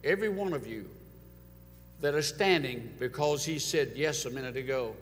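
A man preaching a sermon to his congregation, dramatic, swinging from loud urging to soft, hushed lines. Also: medium pitch, moderate pace, slight background noise. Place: church sanctuary. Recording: long church hall reverb.

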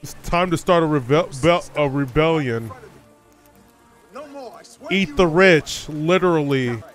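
A man's voice: on the high side, slow, faint music behind. A man hosting a reaction video, chatting casually and bluntly, often swearing and talking back to the screen.

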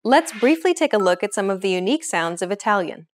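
A young adult woman hosting a language lesson, explaining in a clear, measured scripted way. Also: medium pitch, sing-song.

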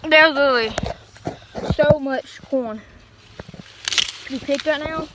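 A woman's voice: sits high, takes it slowly. A young woman vlogging as she picks corn, chatty and rambling as she talks to her viewers, out of breath, holding her phone in one hand. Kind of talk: casual vlog. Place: outdoors in a cornfield. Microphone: phone held in one hand. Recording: noisy outdoor phone recording.

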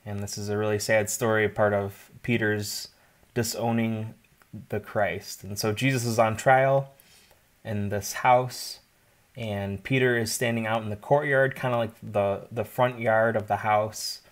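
A man walks through a Bible passage in a relaxed, conversational way. He stops often to explain with everyday asides, like a pastor teaching a small group. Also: fairly low pitch, a little slow.

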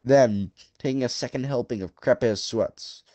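A man reading a story as narrator, in a measured, dramatic way. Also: medium pitch, warm tone, no echo. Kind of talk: scripted audiobook narration.

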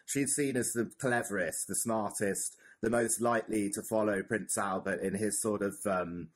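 Husky man chatting about history. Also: fairly low pitch, steady tone, normal speed. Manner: thoughtful, many fillers and restarts. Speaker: podcast co-host. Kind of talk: casual history chat.

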